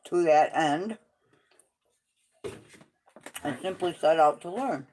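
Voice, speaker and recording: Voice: medium pitch, slow, darkish tone, poor audio. A livestream host in casual chat at home, blunt and opinionated, swearing freely.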